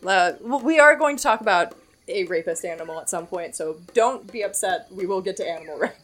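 A woman's voice: on the low side, expressive, a little fast, a bit bright, soft background music. A woman hosting a podcast, explaining facts in casual chat and laughing often. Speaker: podcast host.

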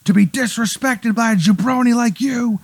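A man voicing a loud, boastful male pro wrestler heel in a gravelly, shouting promo style. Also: extremely high pitch, moderate pace, dry recording, pitched above the performer's own voice, exaggerated voice.

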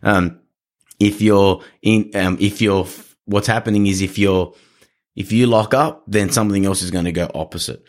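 Man coaching on calm dog walking. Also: fairly low pitch, normal speed. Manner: earnest, coaching, acts out little scenes. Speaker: dog trainer. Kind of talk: casual podcast conversation.

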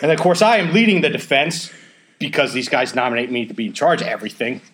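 A man's voice: mid-range voice, quick pace, a bit bright. A man hosting a podcast, opening with a playful mock courtroom speech before chatting casually. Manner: playful, theatrical mock-lawyer delivery. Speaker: podcast host.

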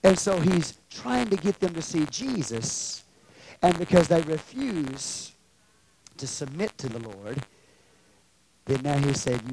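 Emphatic preacher, lively pitch. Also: takes it slowly, pauses often, slight background noise, poor audio. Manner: emphatic, swings from quiet to shouting. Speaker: pastor. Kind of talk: sermon.

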